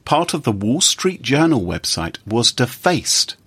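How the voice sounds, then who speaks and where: A man's voice: medium pitch, measured pace, slightly rough. A man co-hosting a casual news podcast, telling stories with sarcasm. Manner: sarcastic, animated storytelling. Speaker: podcast co-host.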